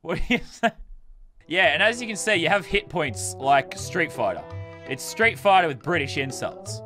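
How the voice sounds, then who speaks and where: A young Australian man with an Australian accent, cracking jokes, swearing and getting excitable as he commentates a game. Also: on the high side, moderate pace, faint music behind. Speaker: gaming video host. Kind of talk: gameplay commentary.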